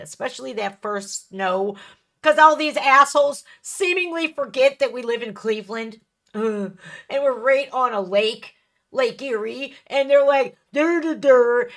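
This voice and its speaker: A woman hosts a reaction video in a casual, chatty way. Her voice sits high and sounds bright and sharp. She swears a lot and acts out quick little voices as she talks. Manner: profane, animated, acts out voices. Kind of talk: casual chat to viewers.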